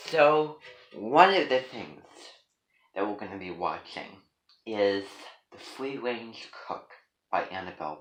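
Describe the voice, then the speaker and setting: A man's voice: on the low side, a bit bright, reverberant, slight background noise, rough recording. A man vlogging to camera in a rambling, hesitant way, full of ums and false starts, as if chatting with his viewers. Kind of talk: rambling one-sided chat to camera.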